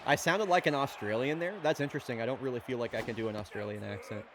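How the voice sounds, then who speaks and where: A man's voice: mid-range voice, quick pace, fairly bright tone, slight background noise. A man hosting and calling play-by-play for a fake baseball game, chatty and rattling off the action in a casual way. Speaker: play-by-play commentator and host.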